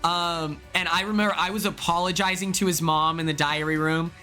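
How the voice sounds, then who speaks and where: A young man from Oklahoma talks through his stream in a loose, rambling way, full of ums and likes, now and then jumping up in excitement. His voice sits a little high and sounds bright and sharp. Soft music plays underneath. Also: fairly quick. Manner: rambling, filler-heavy, with sudden excited outbursts. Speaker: streamer, former reality show contestant. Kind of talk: casual livestream chat.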